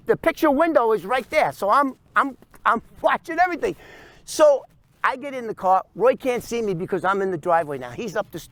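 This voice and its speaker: A man tells a first-person story, acting out scenes with sound effects and quick voices. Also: sits high, a bit bright. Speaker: storyteller recounting his past.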